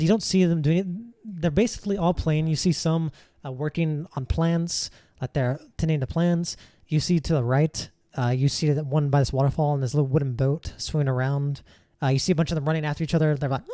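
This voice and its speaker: A man's voice: a little high, mellow, dry recording. Casting note: male game master, loose rambling narration, dry close mic. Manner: rambling, hesitant, with many fillers.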